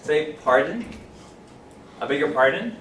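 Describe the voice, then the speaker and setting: A man teaching an English class, animated, repeating phrases slowly and clearly for his students. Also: a little high, slight background noise. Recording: roomy classroom from a distance.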